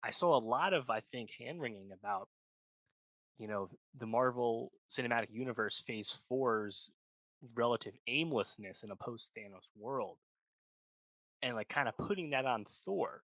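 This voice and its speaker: A man's voice: mid-range voice, normal speed, a bit bright, no room sound. A man co-hosting a podcast, chatting casually about a film and rambling with lots of fillers. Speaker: podcast co-host. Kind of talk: casual film review chat.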